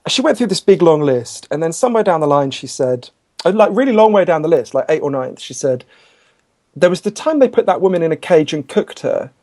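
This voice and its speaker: A man, a guest author in a podcast interview, telling stories in a quick, chatty, animated way with self-deprecating asides. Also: on the high side. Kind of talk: conversational interview storytelling.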